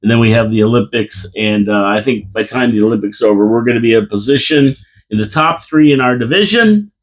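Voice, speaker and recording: A man's voice: on the low side, fast. A man co-hosting a casual hockey chat from a radio studio, making emphatic, confident predictions. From Canada. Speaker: podcast co-host.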